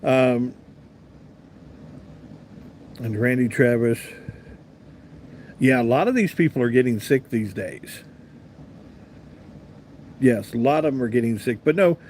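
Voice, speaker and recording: Man, 50s, talk host, casual anecdotal storyteller, middle pitch, faint background hiss. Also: a little mellow. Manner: chatty, rambling anecdotal delivery with asides to viewers. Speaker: radio talk show host. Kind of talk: casual live-stream storytelling, reading chat comments.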